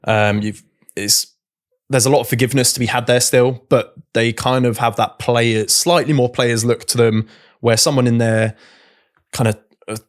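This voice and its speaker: A man's voice: mid-range voice, fairly even intonation, normal speed. A man co-hosting a podcast, talking informally with hesitations and fillers. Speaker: podcast co-host. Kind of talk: casual podcast chat.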